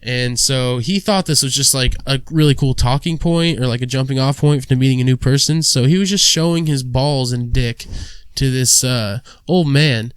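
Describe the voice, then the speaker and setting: A man's voice: mid-range voice, moderate pace, few pauses, clean tone, dry recording. A young man hosting a casual podcast, telling a crude rambling story and acting out the people in it. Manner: crude rambling storyteller, acts out quoted voices. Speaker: podcast host. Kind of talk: casual chat.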